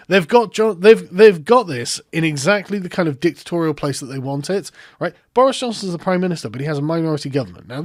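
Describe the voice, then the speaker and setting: A man's voice: a little high, no room sound, studio quality. A man, ranting sarcastically in political commentary, swearing and mocking his opponents.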